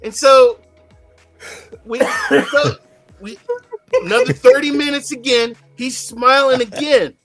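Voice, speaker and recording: A man co-hosting a casual podcast, telling a story with animated energy and laughing along. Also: very high-pitched, takes it slowly, long pauses, no room sound, faint music behind. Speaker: co-host.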